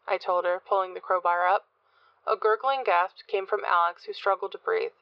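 A woman narrates a first-person horror story in a measured, dark read at a middle pitch. The voice sits close and dry, with no room sound. The recording has a slightly dull, lo-fi top end. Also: vocal fry, no room sound. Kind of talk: scripted horror audiobook narration.

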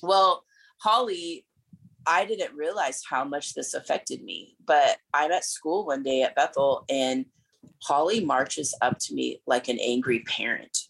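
A woman's voice: low voice, a little slow, creaky, a bit bright, breathy edge, rough recording. A woman in her forties, a pastor and speaker, giving candid personal testimony as an interview guest, earnest and tumbling over her words with restarts.

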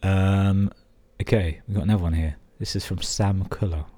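A young man from England reads listener stories on his podcast in a casual, profane way. His voice sits very low and sounds dark and a bit husky. He keeps stopping to mock the emails with dry, sarcastic remarks. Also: fairly even intonation, normal speed. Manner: sweary, sarcastic running commentary. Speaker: podcast host.

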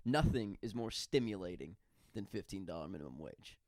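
A man's voice: low voice, animated, a little fast, darkish tone, dry recording, clean studio sound. A man co-hosting a podcast, delivering profane, sardonic rants in casual banter. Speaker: podcast co-host.

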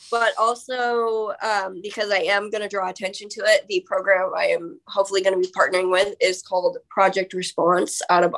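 Female podcast guest, mid pitch, candid, earnest, casual language. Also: fairly bright tone.

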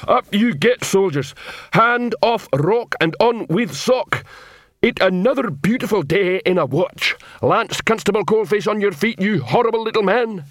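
A man's voice: sits high, animated, measured pace, fairly bright tone, dry recording, studio quality, pitched above the performer's own voice, full character voice. A man voicing a big, dim, loyal male troll soldier who barks orders in a storybook reading. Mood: bellowing. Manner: barking drill orders.

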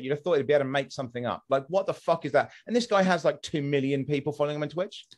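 Animated, sweary man. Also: a little high, racing, few pauses. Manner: animated, swears freely, trails off and restarts. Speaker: Twitch streamer and podcast guest. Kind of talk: casual podcast conversation.

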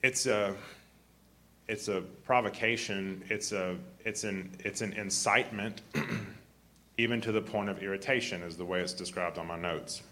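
A man preaches a sermon in a deep, grumbly voice with a somewhat low pitch. He clears his throat often and restarts his sentences as he goes. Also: a little slow, sharp tone.

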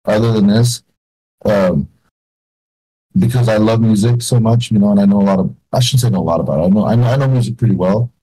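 A man's voice: lowish voice, fast, mellow, poor audio. A young man chatting on a podcast in a loose, rambling way, restarting his sentences often. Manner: rambling, many restarts and fillers. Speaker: podcast host. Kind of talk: casual podcast chat.

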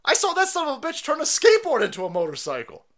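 Man, profane ranting streamer, bright tense tone, very lively delivery. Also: very high voice, fast talker. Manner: foul-mouthed, ranting, incredulous. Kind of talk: profane conspiracy rant.

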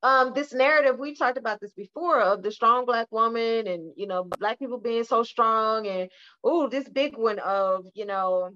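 A woman therapist in her forties speaks in a somewhat high voice and leans on her key points by saying them twice. The audio is a touch dull and lo-fi, as on a home podcast. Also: normal speed, sharp tone. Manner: emphatic, repeats key points for stress. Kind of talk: casual podcast chat.

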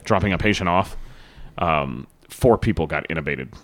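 A man's voice: low voice, animated, normal speed, fairly bright tone. A man co-hosting a podcast in casual, rambling chat with plenty of swearing. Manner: laid-back, swearing, rambling. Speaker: podcast co-host.

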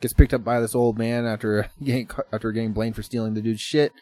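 A man's voice: medium pitch, steady tone, quick pace, mellow, no room sound. A man chatting casually as a podcast co-host, rambling through movie plots, laughing often and swearing freely. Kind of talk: casual chat.

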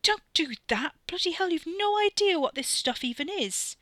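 Snappy, sarcastic young man, read by a woman, bright voice, dry close sound. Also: mid-range voice, a little fast, dry recording, close to an everyday voice. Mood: exasperated. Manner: swearing, snappy and teasing. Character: irritable young British man, blunt and sarcastic.

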